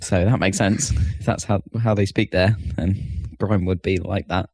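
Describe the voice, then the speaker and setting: A man's voice: sits low, steady tone, moderate pace, creaky, a little mellow, dry recording. A British man co-hosting a podcast, explaining things in an easygoing way with chuckles. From Britain. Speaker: podcast co-host. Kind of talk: casual chat.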